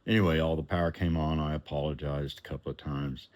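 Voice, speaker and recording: A man telling a personal story in an animated way, acting out the voices of the people in it and chuckling now and then. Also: a bass voice, fast talker.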